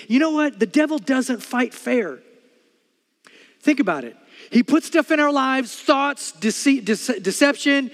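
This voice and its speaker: A middle-aged man preaching a sermon as pastor, telling stories with loud bursts and quiet earnest stretches. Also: high voice, in a large hall.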